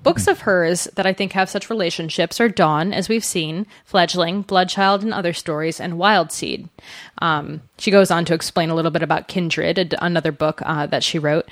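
A woman's voice: lowish voice, fairly even intonation, moderate pace, dry recording, clean studio sound. A woman co-hosting a podcast, discussing a novel in a chatty, hesitant way with many fillers. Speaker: podcast co-host. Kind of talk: casual book discussion.

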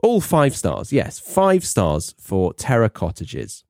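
Young british guy, host, low voice, casual self-deprecating monologue, dry close mic. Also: huge pitch swings, slow, gravelly, a little mellow, no room sound. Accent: British English. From England. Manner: chatty, self-mocking, rambling asides. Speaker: podcast host. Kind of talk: casual monologue for English learners.

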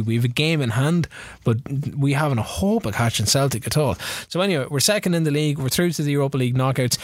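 A man's voice: mid-range voice, no echo. A man co-hosting a podcast, chatting casually, rambling and swearing. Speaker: podcast co-host. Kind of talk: casual chat.

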